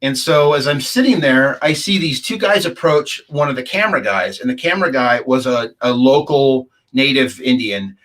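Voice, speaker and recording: A man's voice: medium pitch, normal speed, few pauses, fairly bright tone. A middle-aged man, a guest, recounting a personal encounter in casual, rambling storytelling and acting out the other people's lines. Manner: rambling, acts out the dialogue of others.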